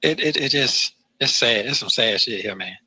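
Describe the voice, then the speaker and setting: A man's voice: medium pitch, animated, normal speed, pushed and bright, husky, no echo. A man calling from jail on the phone, frustrated and repetitive, swearing as he talks. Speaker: jail inmate on a phone call. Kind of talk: casual phone conversation.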